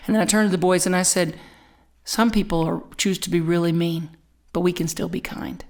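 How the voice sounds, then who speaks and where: A middle-aged woman minister preaching a sermon, telling a personal story with lively, animated delivery and frequent repeats and restarts. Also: fairly low pitch, brisk. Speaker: spiritual community minister.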